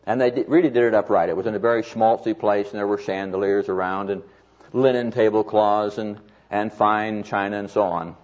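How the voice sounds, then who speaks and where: A man preaching a sermon to a live audience, telling stories in a folksy way and slowing down to stress key phrases. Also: fairly low pitch, fairly even intonation, a little mellow. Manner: folksy storytelling with emphatic slowed phrases. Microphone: mic on stand or lapel. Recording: dull lo-fi recording.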